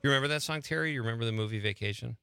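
A man hosting a radio show, chatting casually and joking deadpan with his guest. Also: medium pitch, rapid-fire, vocal fry, clear, resonant tone, no echo, clean studio sound, soft background music. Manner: joking, deadpan put-ons.

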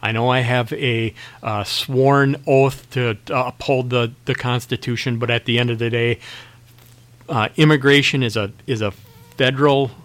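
A middle-aged man, a county sheriff, answering questions in a radio interview, talking haltingly with many restarts and fillers. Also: medium pitch, fairly even intonation, a bit bright.

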